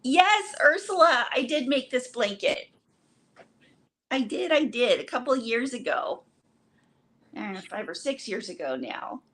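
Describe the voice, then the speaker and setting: Chirpy woman w/ a high bouncy voice, says hi to everyone in chat. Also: sing-song, a little slow, long pauses, fairly bright tone. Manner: bubbly, greets chat viewers by name. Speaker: co-host of a crochet livestream. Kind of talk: casual chat, greeting live viewers.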